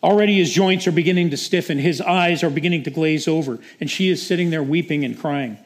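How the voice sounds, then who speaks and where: A man's voice: a little high, quick pace. A male preacher delivering a sermon with dramatic storytelling.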